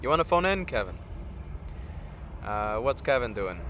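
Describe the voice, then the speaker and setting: A man's voice: medium pitch, big pitch swings, moderate pace, a bit bright, slight background noise. A tired man hosting a live stream outdoors, rambling casually and chatting straight to his viewers. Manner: rambling, chats directly with viewers. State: tired from little sleep.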